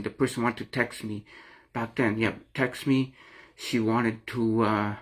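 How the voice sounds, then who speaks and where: Speaking a little slowly in a lowish, steady voice, this middle-aged vlogger shares his own experience in a confessional talk to camera. He's earnest and emotional, and his rambling account keeps circling back as he repeats and restarts phrases.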